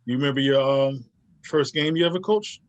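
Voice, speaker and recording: A man's voice: fairly high pitch, lively intonation, fairly quick, dry recording. A man hosting an interview, giving brief affirmations and follow-up questions. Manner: brief supportive affirmations, laughs along. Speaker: host.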